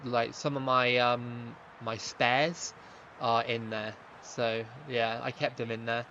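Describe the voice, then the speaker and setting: Young man, game streamer, chatty commentary, sharp tone, muffled lo-fi mic, faint hiss. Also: medium pitch, little pitch movement, slow pace. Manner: chatty, reacts loudly to play, reads chat aloud. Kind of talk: live gaming stream commentary.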